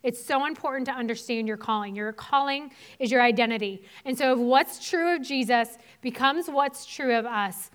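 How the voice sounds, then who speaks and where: Clear-voiced woman preaching casually. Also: a little high, fairly bright tone. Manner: casual conversational preaching with many fillers. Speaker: pastor's wife preaching. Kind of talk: sermon.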